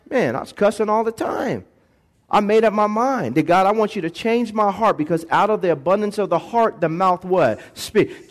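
A pastor with a high voice preaches in a church sanctuary, calling out for congregation responses in call-and-response style. He swings between soft, slow lines and shouted bursts, picked up by a handheld or stand microphone.

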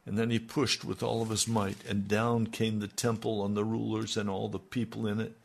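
An older man preaching on the radio as a pastor, earnest and reflective, his voice sinking low at the ends of thoughts. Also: flat delivery, vocal fry. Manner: slow, earnest, dropping to near-murmurs. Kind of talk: radio sermon.

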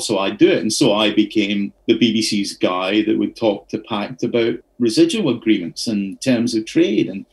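A man's voice: mid-range voice, poor audio. A middle-aged Scottish man speaking as a podcast guest, his voice sitting in an ordinary mid range. He tells his anecdotes casually and with animation, slipping into the voices of the people he quotes. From Scotland. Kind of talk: casual storytelling interview.

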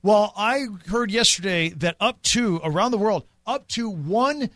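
A man's voice: high voice, lively intonation, unhurried, a bit bright, no room sound, studio quality. A young man co-hosting a radio show, chatting casually and teasing while calling golf shots in passing. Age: young adult. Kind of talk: casual sports radio chat.

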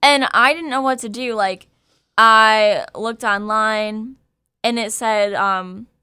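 A woman host telling a personal story in casual chat, candid and animated, laughing as she goes. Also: a little high, takes it slowly, clean tone, dry recording, clean studio sound.

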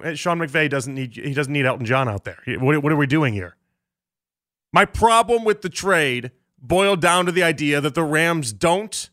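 A male sports radio host with a high, ringing, bright voice. He talks in an animated rapid-fire rant full of jokes and asides, keeping his listeners in on the argument. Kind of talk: sports talk radio monologue.

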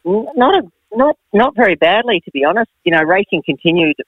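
A middle-aged man answers questions quickly and modestly as an interview guest. He comes through a tinny, narrow phone line. The sound is dry, with no room echo. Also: sits high, sing-song.

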